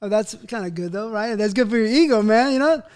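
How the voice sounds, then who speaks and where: A man with a very high voice hosts a casual interview. He mostly chimes in with short reactions and questions. He sounds somewhat distant from the mic. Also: animated, fast, darkish tone, clear, resonant tone.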